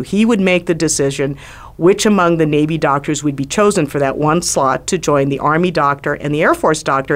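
A middle-aged woman, a former White House doctor, telling a lively personal story on a talk show. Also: deep voice. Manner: lively anecdotal storytelling with acted quotes.

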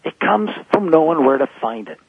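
A man's voice: fairly high pitch, very animated, a little fast, creaky, husky, dry recording. A man in his fifties, a motivational speaker, talking emphatically as a guest in a phone-in radio interview. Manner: emphatic, preachy motivational delivery. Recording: tinny phone line.

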